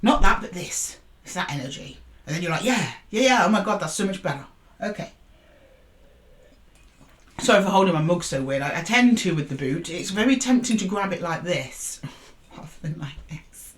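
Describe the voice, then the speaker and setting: A woman's voice: fairly low pitch, lively intonation, moderate pace, pauses often. A woman giving a casual tarot reading, chatty and coaxing as she calls for cards and talks to her viewers. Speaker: tarot reader.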